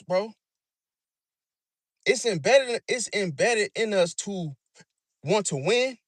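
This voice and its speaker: A man's voice: high-pitched, no room sound, clean studio sound. A man in a casual monologue about zodiac signs, slangy and repetitive, calling the listener bro. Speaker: astrology commentator.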